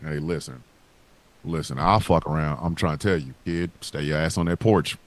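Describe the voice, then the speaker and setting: A man's voice: a bass voice, moderate pace, no room sound. A man hosting a live podcast, ranting and taunting in a profane, comedic trash-talk. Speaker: podcast host.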